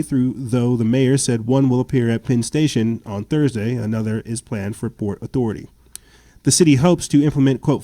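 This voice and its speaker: Reading news stories on his political commentary podcast, a male host tosses in indignant, sarcastic comments and stammered restarts. He has a medium pitch and dark tone, recorded with no room sound.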